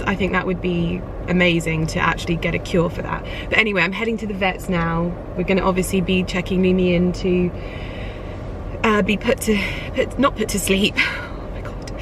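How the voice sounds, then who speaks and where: A woman's voice: mid-range voice, noisy background. A woman, vlogging in a casual, rambling way with many fillers and an emotional edge. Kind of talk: casual vlog chat.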